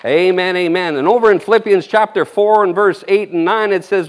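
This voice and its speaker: A man's voice: high voice, fairly quick, hardly any pauses. A man preaching an informal sermon, rambling and folksy, with frequent amens and chuckles.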